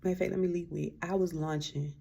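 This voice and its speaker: A woman's voice: fairly low pitch, steady tone, fast talker, creaky, warm tone, breathy edge. A woman giving a frank, self-mocking editor's-note voice-over with profanity. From Memphis, US. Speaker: vlogger adding an editor's note. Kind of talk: casual voice-over aside.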